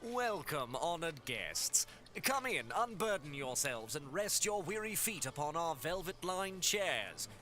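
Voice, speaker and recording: A man's voice: on the high side, very animated, a little slow, sharp tone, exaggerated voice. A synthetic man voicing a posh, grand innkeeper. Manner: ornate, formal, welcoming. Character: grand, posh male innkeeper welcoming guests. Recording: clear music behind.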